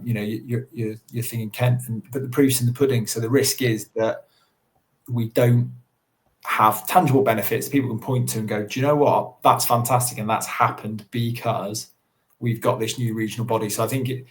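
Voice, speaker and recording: A man, speaking earnestly on a webinar panel over a video call, with many restarts and fillers. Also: on the low side. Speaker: council estates lead.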